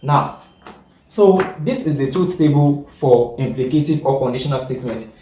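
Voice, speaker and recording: A man's voice: medium pitch, dark tone, slight background noise. A man teaching a logic class, repeating points, correcting himself mid-sentence and often asking whether his listeners follow. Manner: repetitive, keeps checking that listeners follow; halting, self-correcting explanations. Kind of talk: classroom lecture. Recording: echoey room, distant mic.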